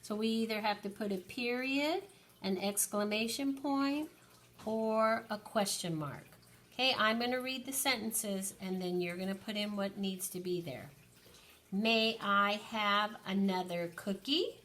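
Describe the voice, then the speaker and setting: A woman teacher slowly and patiently counting aloud through an early-grade lesson for young children. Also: medium pitch, lively intonation, a bit bright, slight background noise.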